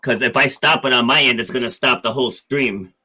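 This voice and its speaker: Casting: man, 50s, bright forceful tone, easygoing live-stream host. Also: mid-range voice, a little fast, breathy edge, poor audio. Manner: easygoing, laughs it off. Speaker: podcast host. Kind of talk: casual live-stream interview.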